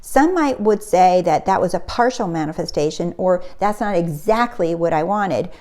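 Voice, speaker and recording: A woman's voice: lowish voice, animated, normal speed, darkish tone. A middle-aged woman, a spiritual coach, telling a personal story in a casual motivational talk and acting out the quotes.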